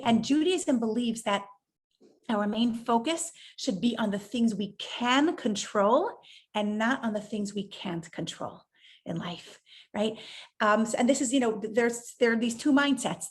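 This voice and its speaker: Woman, high voice, rebbetzin guest, lively storyteller acting out quotes. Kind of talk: inspirational talk in an interview.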